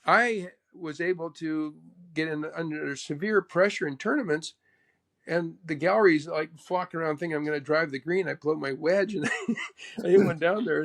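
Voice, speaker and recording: A man from Canada, a pro golfer, telling stories in an interview in an animated way, acting out what others said. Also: on the high side, normal speed, creaky. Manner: animated, acts out the other person's speech. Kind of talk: storytelling interview.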